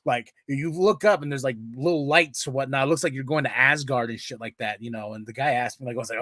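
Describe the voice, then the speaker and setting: A man's voice: mid-range voice, fast talker, hardly any pauses, a bit bright, no room sound. A man hosting his podcast, telling a story in a rambling, profane way with many restarts. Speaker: podcast host. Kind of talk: casual storytelling.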